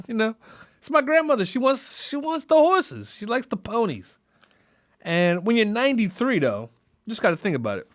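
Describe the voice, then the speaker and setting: High-voiced man musing in a podcast. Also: expressive, moderate pace, no room sound, studio quality. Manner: rambling, frequent fillers, laughs through grief. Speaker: podcast host. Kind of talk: casual reflective monologue.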